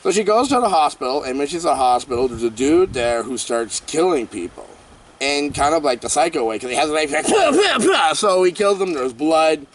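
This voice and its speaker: A man's voice: on the high side, brisk, distant mic, slight background noise. A man rambling playfully through a horror movie recap outdoors, full of jokes and asides. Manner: playful, jokey, lively storytelling full of asides. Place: outdoors on a windy day.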